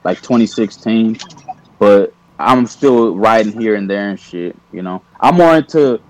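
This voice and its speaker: A man's voice: lowish voice, a little slow, a little mellow, poor audio. A laid-back man chatting casually with friends, crude and easygoing. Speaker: friend in a group chat. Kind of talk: casual banter on a call.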